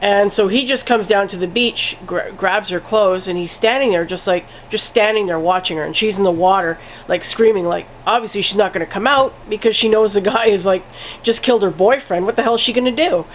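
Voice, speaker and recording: A woman talking through a film review in a loose, rambling way, dropping "like" every few words and swearing casually. Her voice sits at a middling pitch. The recording is dull and lo-fi, with a faint hiss underneath. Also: brisk.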